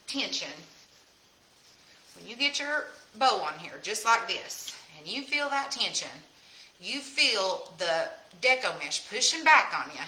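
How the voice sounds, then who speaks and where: A woman's voice: medium pitch, pushed and bright. Chatty Southern woman in an echoey room. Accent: Southern US, Tennessee hills. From Tennessee, USA. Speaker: craft host. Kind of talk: casual live craft demonstration. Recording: roomy echo.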